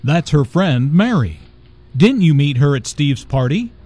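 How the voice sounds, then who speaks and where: A man reading a courteous adult in a scripted dialogue for English learners, with clear conversational delivery. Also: a little high, big pitch swings, a little slow, warm tone, full character voice. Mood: friendly.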